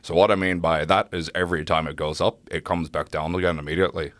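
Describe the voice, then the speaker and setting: A man's voice: low-pitched, fairly even intonation, fast talker, a bit bright, no room sound. A young man chatting casually as a podcast co-host, laid-back, laughing often and swearing freely. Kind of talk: casual chat.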